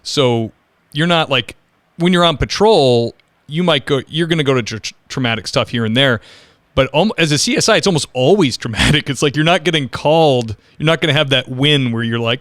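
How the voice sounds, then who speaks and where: A man's voice: medium pitch, brisk, fairly bright tone, no echo. A man hosting a podcast interview, a police officer chatting frankly and rambling through his own stories. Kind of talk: casual interview chat.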